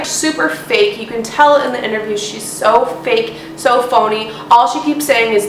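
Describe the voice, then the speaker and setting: Fired-up woman ranting about a crime case, blunt and swearing, slightly high voice, echoey room. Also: a little slow. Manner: blunt, indignant, profane. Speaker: YouTuber. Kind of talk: true crime vlog commentary. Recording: roomy, distant mic, faint hiss.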